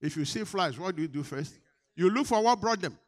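Emphatic preaching man, loud-then-quiet. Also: high voice, expressive, brisk. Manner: emphatic preaching with call-and-response questions, swinging between loud and quiet. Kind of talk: sermon.

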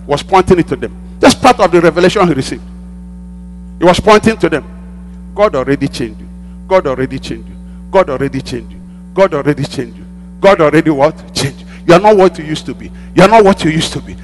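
High-voiced preacher in a reverberant hall. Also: male voice. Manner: call-and-response preaching, repeating lines for emphasis. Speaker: pastor. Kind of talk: sermon. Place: church hall. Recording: long hall reverb with mains hum.

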